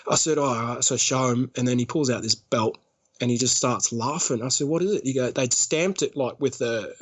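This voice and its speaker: A man's voice: medium pitch, fairly even intonation, a little fast, a bit bright, slightly rough. An Australian man, a podcast guest, rambling through a story and laughing often as he talks. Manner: laughs often while telling stories, rambling. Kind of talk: casual storytelling.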